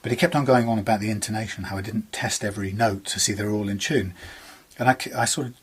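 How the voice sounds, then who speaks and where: A man's voice: on the low side, fairly even intonation, fast talker, husky. A man with an English accent chatting casually about a guitar repair in his workshop, rambling and bemused, laughing often.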